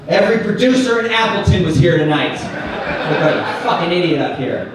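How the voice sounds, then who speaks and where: Brash, lively male stand-up comic. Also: high-pitched, normal speed, crowd noise. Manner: brash, self-mocking, swears freely. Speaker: stand-up comedian. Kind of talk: stand-up crowd work. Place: small comedy club stage. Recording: echoey club from a distance, audience noise. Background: audience laughter.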